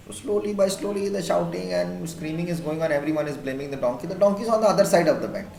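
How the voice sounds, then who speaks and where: A male teacher telling an animal fable to his class, lively and expressive, in an echoey room. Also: sits high, quick pace, gravelly, hardly any pauses. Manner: animated, voice rises and drops for characters. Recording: echoey room, faint hiss.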